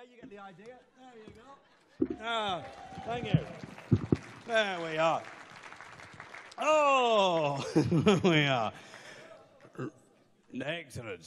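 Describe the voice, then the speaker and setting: Deadpan man doing stand-up in a hall. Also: sits high. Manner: deadpan, self-deprecating banter with the audience. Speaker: stand-up comedian. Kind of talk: stand-up comedy with comic songs. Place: live comedy venue. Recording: long reverb of a hall.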